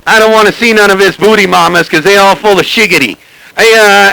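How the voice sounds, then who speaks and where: A man's voice: sits high, a little fast, vocal fry, bright, forceful tone, low-quality recording. A man bantering on CB radio, joking and boastful, who keeps repeating "hey, hey, hey" to get attention. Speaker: CB radio operator.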